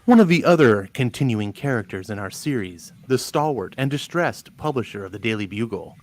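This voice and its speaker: A man's voice: medium pitch, lively intonation, a little fast, dry recording. A man narrating a comic read-along in a mock-grand manner.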